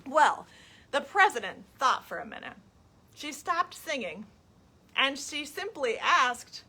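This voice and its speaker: A woman's voice: high voice, sing-song, unhurried, bright, forceful tone. A woman reading a children's story at a library storytime, inviting kids to sing along. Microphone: webcam on a live stream.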